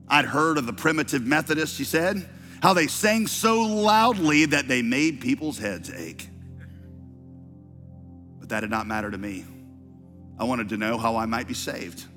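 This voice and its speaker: A man's voice: mid-range voice, expressive, moderate pace, pauses often, fairly bright tone. A male preacher tells a story from the pulpit, his mid-range voice rising with fervor as he reads. The sound carries a long hall reverb with faint music behind it. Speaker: pastor. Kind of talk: sermon.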